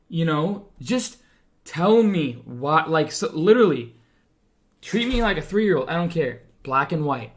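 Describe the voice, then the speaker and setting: A man's voice: sits high, animated, a little slow. A man who trades stocks, ranting in a heated monologue, frustrated and fired up, often repeating himself and trailing off. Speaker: day trader and stock-trading streamer.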